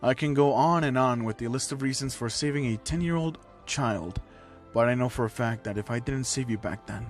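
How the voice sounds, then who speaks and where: A man's voice: medium pitch, fairly quick, faint music behind, close to an everyday voice. A man voicing a caring adult male hero and mentor who speaks firmly. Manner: firm, warm-hearted.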